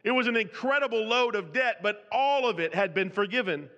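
Preaching an expository sermon, this man reads scripture in old-fashioned King James language and keeps restarting sentences and repeating words when speaking off the page. His voice is high, animated, fairly quick and a bit bright. The recording has the highs cut off and a long hall reverb.

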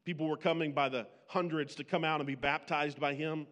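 A man preaching a sermon, swinging between loud, pleading bursts and hushed, slow lines. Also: a little high, steady tone, long reverb tail. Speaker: pastor.

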